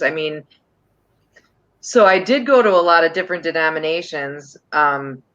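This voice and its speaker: A woman's voice: low voice, fairly bright tone, lo-fi sound. A woman with a crackly, smoker's voice, talking earnestly in a casual group chat. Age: older.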